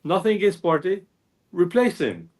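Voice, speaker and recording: A man's voice: high voice, very animated, moderate pace, a little mellow. A man talking as a football fan panelist, earnest and frustrated, rambling through his points. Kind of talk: passionate football fan chat.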